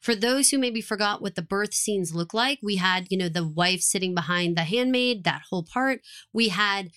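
Woman podcast co-host, lively and quick, mid-pitched, casual recap chat. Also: clean tone. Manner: animated, quick, acts out quotes from the show.

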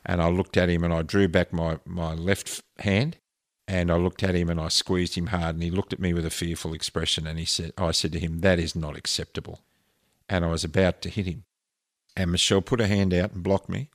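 A man with a very low, deep voice tells a deeply personal story, earnest and emotional, often restarting his sentences. The sound is dry and close, with no room around him. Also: little pitch movement, a little fast, no room sound. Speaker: interview guest. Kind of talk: personal story told in conversation.

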